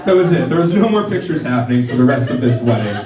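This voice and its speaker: A man's voice: medium pitch, sing-song, fast talker, crowd noise. A man tells a stand-up story in a loose, profane way, bursting into acted-out quotes. He is heard from a distance on a live stage, with a roomy echo. An audience laughs all around him. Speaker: stand-up comedian; wedding professional. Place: comedy theater stage.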